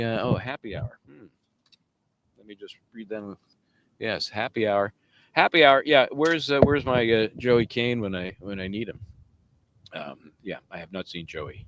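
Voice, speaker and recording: A man's voice: mid-range voice, a bit bright, dry recording. A man chatting casually on a live stream, rambling between topics and reading out viewer comments. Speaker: livestream legal commentator. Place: outdoors near a courthouse.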